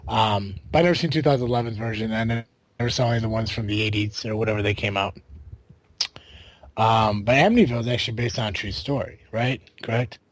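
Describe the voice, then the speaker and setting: A man's voice: lowish voice, fast, dry recording. A man hosting a podcast in casual chat, rambling with fillers, swearing and laughing often. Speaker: podcast host.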